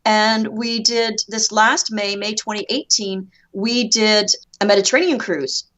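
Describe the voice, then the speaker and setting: A woman's voice: medium pitch, fairly even intonation, a little slow, a bit bright. A Canadian woman guest on a podcast, chatting and telling stories with frequent fillers. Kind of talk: casual podcast chat.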